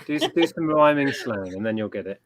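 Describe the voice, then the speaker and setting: A woman's voice: rumbling low, expressive, fairly quick, a loud crowd. A woman in casual livestream chat, coaxing and teasing her friend.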